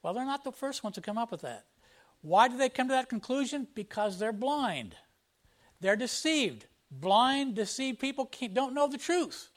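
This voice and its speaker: A man's voice: very high voice, big pitch swings, normal speed. A man preaching a verse-by-verse sermon, explaining scripture in a plain teaching tone and reading passages aloud with emphasis. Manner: emphatic, reads scripture aloud with rising force. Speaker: pastor. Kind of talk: expository sermon.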